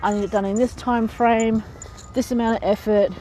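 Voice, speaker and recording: A woman's voice: a little high, little pitch movement, normal speed, warm tone, low-quality recording. Chatty woman giving frank advice. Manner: chatty, frank, often laughs mid-sentence. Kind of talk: casual advice talk to camera.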